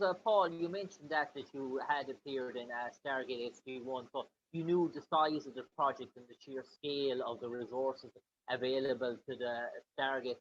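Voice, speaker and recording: A man's voice: medium pitch, fairly bright tone. A man interviewing a guest, asking long rambling questions full of fillers. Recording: dull lo-fi with faint noise.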